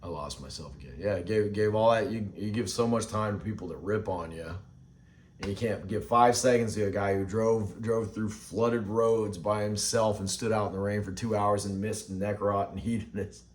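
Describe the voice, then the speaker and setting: A man in his forties ranting in a casual vlog. He rambles with halting restarts and sounds frustrated. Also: lowish voice.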